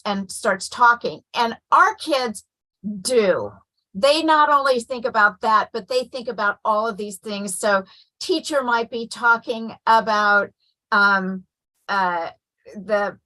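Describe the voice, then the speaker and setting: Woman, parent on a panel, bright forward tone, animated storytelling. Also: fairly high pitch, low-quality recording. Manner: animated storyteller, acts out quotes. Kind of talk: casual panel talk.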